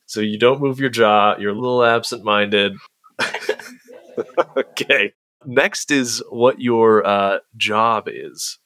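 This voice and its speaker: Chatty man with a bright voice. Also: lowish voice, slow, pauses often, no echo. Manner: relaxed, chatty, lots of "like". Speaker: host and game master. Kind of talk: explaining a role-play game, casual.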